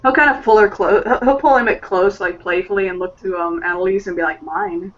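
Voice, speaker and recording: A man's voice: sits high, quick pace, a bit bright. A man playing in an online tabletop role-play, who describes his character with many fillers and laughs often. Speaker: player. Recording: muffled voice chat from a distance.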